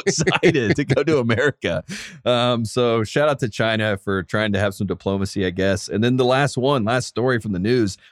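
A man's voice: mid-range voice, no room sound, clean studio sound. A man in his thirties with a North Carolina Southern accent, hosting a podcast in casual chat, rambling with lots of fillers. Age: 30s. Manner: rambling, filler-heavy, laid-back. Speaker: podcast host.

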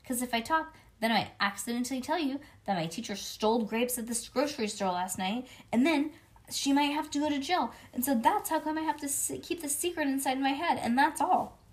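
A woman's voice: high-pitched, a little fast, pitched above the performer's own voice, natural voice. A woman doing a chatty little schoolgirl. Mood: defensive. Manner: chatty, run-on, childish grammar. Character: spunky bossy little schoolgirl.

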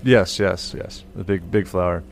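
A man's voice: sits low, moderate pace, vocal fry, slight background noise. A man co-hosting a podcast, joking and rambling in casual chat. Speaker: podcast co-host.

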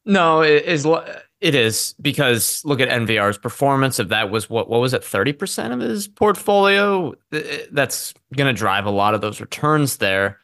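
A man's voice: mid-range voice, sing-song, moderate pace, few pauses, a bit bright, dry recording, studio quality. A man co-hosting a podcast, explaining his views in a casual, opinionated way. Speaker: podcast co-host. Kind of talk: casual investing podcast chat.

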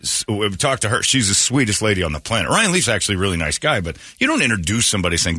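A man's voice: lowish voice, sing-song, fast talker, few pauses, sharp tone, slightly rough, dry recording, clean studio sound. A man who works as a radio host, telling rambling anecdotes in casual chat and acting out quoted lines.

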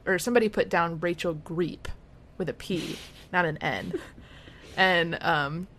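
A woman's voice: on the low side, measured pace, fairly bright tone, a little hiss or hum. A woman co-hosting a podcast, casually retelling scenes and acting out the characters' lines. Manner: chatty retelling, acts out quotes. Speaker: podcast co-host. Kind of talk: casual recap chat.

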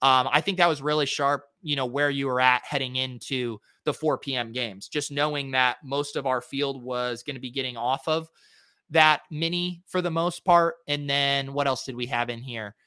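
Bright, crisp-voiced man reviewing fantasy lineups. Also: mid-range voice, normal speed, dry recording, studio quality. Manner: relaxed, filler-heavy, thinking aloud. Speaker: fantasy sports podcast host. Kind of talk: casual solo lineup review.

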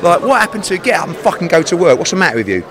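Animated, mocking man in his forties. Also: sits high, rapid-fire, over music. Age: 40s. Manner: animated, mocking, swears freely. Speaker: boxing promoter interviewed. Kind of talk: teasing casual banter.

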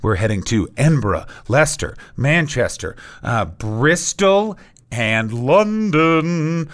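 A male comedian guest on a podcast, joking through profane, animated rants while walking outside in winter over a remote line. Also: medium pitch, unhurried.

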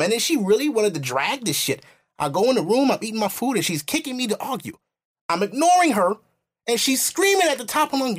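Animated profane man telling stories. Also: extremely high pitch, quick pace. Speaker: podcast host. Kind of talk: casual chat.

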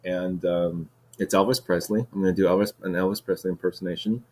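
Hosting his podcast alone, a man with a low, darkish voice talks a little fast with fairly even intonation. His casual monologue wanders, with frequent restarts, repeated words, and heavy use of "like" and "dude."

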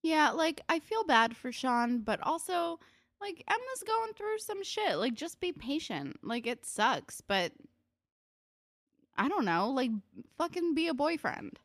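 A woman's voice: high-pitched, very animated, measured pace, dry recording, studio quality. Chatty sarcastic woman recapping a show. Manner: chatty, sarcastic, swears, lots of "like". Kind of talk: casual recap chat.

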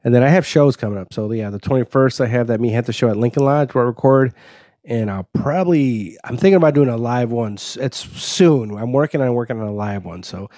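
Chicago guy rambling fast on a podcast, mellow tone, dry close sound. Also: medium pitch, dry recording. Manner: fast-talking, rambling and self-deprecating. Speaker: podcast guest, comedian. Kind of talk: casual podcast chat.

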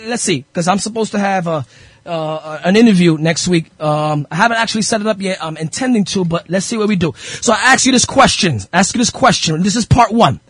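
A man's voice: high-pitched, brisk, a bit bright, husky, no room sound. A male radio host preaching fervently, repeating phrases and firing rhetorical questions at his listeners. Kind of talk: impassioned radio sermon.

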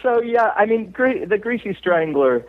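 A middle-aged actor from Cape Cod, Massachusetts, chats through a casual interview, telling stories and laughing frequently. His voice sits high with big pitch swings, at a normal speed, over a tinny, phone-like line.

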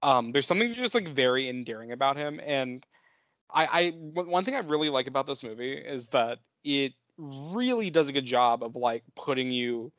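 A man's voice: medium pitch, fairly bright tone, no room sound, muffled recording. A young man co-hosting a podcast, thinking aloud with hesitant restarts and fillers. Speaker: podcast co-host. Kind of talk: casual chat.

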